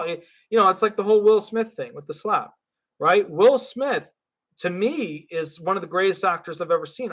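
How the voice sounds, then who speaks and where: A man hosting a live call-in show as a disability attorney, talking in a rambling, excitable way with lots of fillers and restarts. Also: a little high. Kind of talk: livestream call-in talk.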